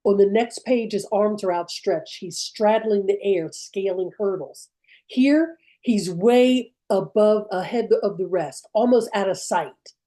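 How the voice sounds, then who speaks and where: A woman storyteller performing a personal memory, with vivid, measured telling and dramatic pauses. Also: medium pitch, dark tone, rough recording.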